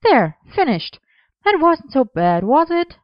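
A woman voicing a cheerful, bossy young woman who makes costumes, with a brisk, teasingly stern manner, in a storybook reading. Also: high voice, big pitch swings, no echo, muffled recording, voice pushed up, exaggerated voice.

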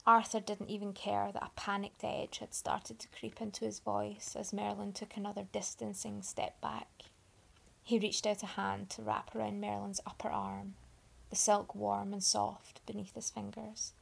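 A woman narrating a story in a steady, expressive reading. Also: medium pitch, moderate pace, creaky.

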